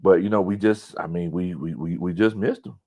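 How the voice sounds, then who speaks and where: A man's voice: low voice, brisk, mellow. A man hosting a casual sports talk stream, reading viewer comments aloud with loose, stumbling speech and frequent laughter. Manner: loose, repeats words, laughs often. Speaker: sports talk show host.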